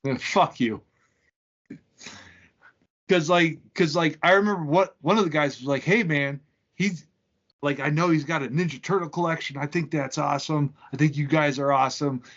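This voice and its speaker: A man's voice: on the high side, moderate pace, fairly bright tone, highs cut off. A man co-hosting a podcast, chatting casually and swearing as he reacts. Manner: profane, reacting with shocked laughs. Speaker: podcast co-host. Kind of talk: casual chat.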